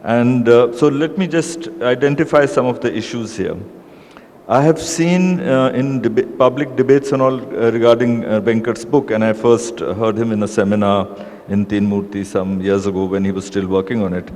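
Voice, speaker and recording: Deliberate Indian man in an echoing hall. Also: medium pitch, fairly even intonation, a little mellow. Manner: deliberate, emphatic, with frequent hesitations. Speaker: panelist discussing a book. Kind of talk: panel discussion remarks. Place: large reverberant hall. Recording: reverberant hall, faint ambient noise.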